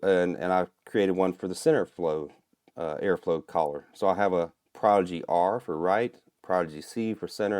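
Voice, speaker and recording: A man from Minnesota, a guest on a podcast, explaining things in a relaxed, casual way and chuckling often. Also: low voice, no echo, studio quality. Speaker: guest, turkey call maker and calling champion.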